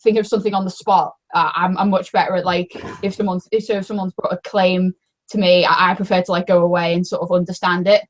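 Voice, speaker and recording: A woman's voice: lowish voice, flat delivery, quick pace. A woman chatting casually as a guest, hesitant, with many restarts and fillers. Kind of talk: casual chat.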